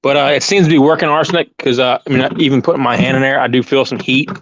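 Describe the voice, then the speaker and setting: A man talks loosely to his viewers while working outside, often stopping to restart his sentences. His voice sits at a middling pitch and comes through a lapel mic. The sound is dry and a little dull, with a lo-fi edge. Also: fairly even intonation, quick pace, no room sound. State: out of breath. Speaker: channel host. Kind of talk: casual live chat while gardening.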